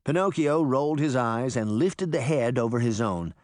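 A man narrating a children's storybook in an expressive reading voice. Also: medium pitch, normal speed, dry recording, studio quality. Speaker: audiobook narrator.

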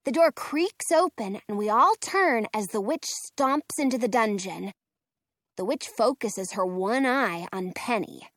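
A woman narrates a children's storybook with expressive, playful asides. Her voice is high and very lively, her pace unhurried. The recording is close and dry. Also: no echo. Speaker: audiobook reader.

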